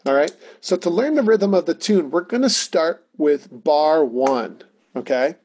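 A man's voice: a little high, lively intonation, unhurried, a little mellow, slight background noise. A man teaching a casual music lesson, talking through rhythms and singing them on simple syllables. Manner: talky, encouraging, sings rhythm syllables.

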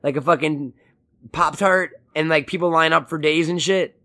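High-voiced joking man, swears a lot. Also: moderate pace, bright, forceful tone. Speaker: podcast co-host. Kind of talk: casual chat. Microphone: studio mic, audio-only podcast.

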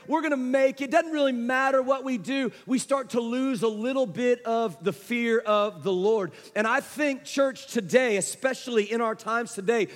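A man preaching a sermon to a congregation, telling a story in a conversational way and speaking straight to the listeners. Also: high-pitched. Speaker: pastor. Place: church sanctuary. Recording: long hall reverb.

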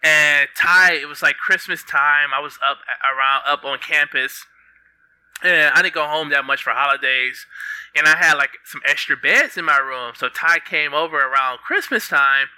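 A young man telling stories as a podcast guest in a lively, laughing way, often acting out what people said. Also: on the high side, moderate pace, clear, resonant tone, no room sound, rough recording. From United States. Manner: animated, laughing often, acts out quotes. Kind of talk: casual storytelling.

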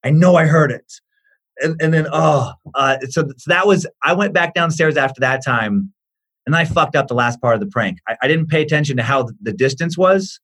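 A man in his forties, a comedian guest, telling an animated comic story, excitable and swearing freely. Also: on the high side, brisk.

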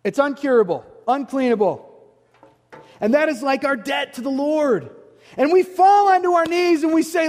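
A man with a strikingly high voice preaches a fervent sermon, repeating his points and climbing to shouts. His words ring out with a long reverb through a large church hall. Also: normal speed. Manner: passionate, repetitive, often rising to shouts. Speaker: pastor. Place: church sanctuary.

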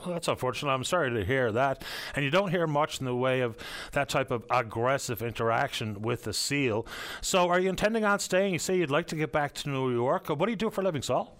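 A man's voice: medium pitch, lively intonation, brisk, a bit bright. A man hosting a call-in radio show, chatty and easygoing, thinking aloud. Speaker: radio talk show host.

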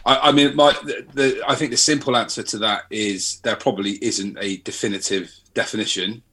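A man's voice: on the low side, steady tone, a little fast, pushed and bright, husky. A man, a journalist speaking as a panel guest, thoughtful and hesitant. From Bristol, England. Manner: hesitant, thoughtful, many fillers. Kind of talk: panel discussion.

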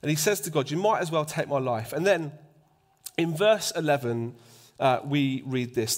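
Guy preaching, chatty sermon, kinda high voice, checks in with the crowd a lot, goes near-whisper sometimes. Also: animated, normal speed. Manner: conversational, asks the congregation for agreement; drops to a near-whisper for emphasis.

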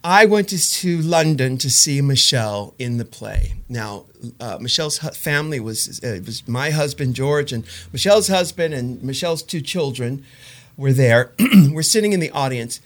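A man's voice: mid-range voice, animated, normal speed. A middle-aged man co-hosting a podcast in casual chat, playful and teasing with a theatrical flair. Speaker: podcast co-host.

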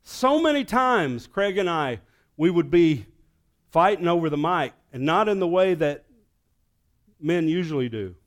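A man preaching as pastor of his church, telling a story, dropping to a hush and then rising to loud, excited peaks. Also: a little high, moderate pace. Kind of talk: sermon. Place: church sanctuary.

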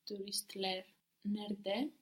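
Soft-spoken woman language student, flat tone. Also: medium pitch, slow. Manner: soft, careful, tentative answers. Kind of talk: answering in a language lesson.

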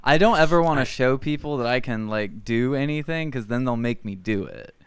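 A man's voice: medium pitch, fairly quick, over a noisy crowd. A man joking sarcastically as a podcast co-host in casual chat.

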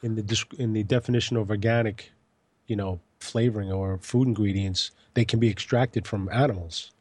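Male radio guest, husky and low, dry matter-of-fact delivery. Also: fairly even intonation, moderate pace, darkish tone, dry recording. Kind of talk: casual radio talk.

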